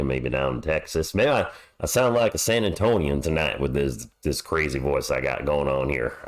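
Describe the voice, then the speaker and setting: A hoarse man hosting a live sports stream, chatting upbeat and greeting viewers by name. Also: extremely low pitch. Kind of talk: casual live play-by-play chat.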